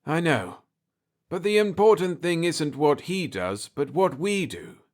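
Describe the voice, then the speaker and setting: A man voicing a steady older space prospector. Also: a little high, measured pace, pitched above the performer's own voice. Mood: earnest. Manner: earnest, coaxing and steady.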